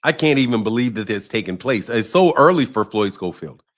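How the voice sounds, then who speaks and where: On a livestream, a man talks boxing in a conversational way, reading chat comments, answering them, and calling viewers by name. He repeats himself often, and his mid-range voice is expressive and fairly quick.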